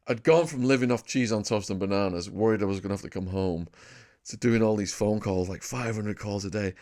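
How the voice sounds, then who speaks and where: A man in his fifties from England with a northern English accent, a podcast guest telling lively anecdotes about his life in a casual interview. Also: fairly low pitch. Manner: lively anecdotal storyteller, laughs at his own tales.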